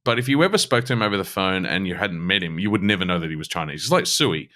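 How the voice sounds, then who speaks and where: A man's voice: deep voice, animated, fast talker, sharp tone. A man, co-hosting a podcast, who tells a rambling story and laughs often. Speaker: podcast co-host. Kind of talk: casual chat.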